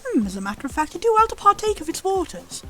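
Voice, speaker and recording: A woman's voice: extremely high pitch, sing-song, quick pace, pushed and bright, soft background music, full character voice. Woman voicing a formal old monster butler. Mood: polite, formal. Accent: British. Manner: prim, formal, old-fashioned wording.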